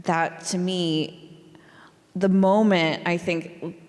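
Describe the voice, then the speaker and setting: Chatty, laughing author in a reverberant hall. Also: female voice, fairly low pitch, fairly even intonation, very slow, darkish tone. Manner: chatty, laughing often, lots of fillers. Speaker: author guest. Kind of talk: live interview conversation. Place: library hall before a live audience. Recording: long reverb of a large hall.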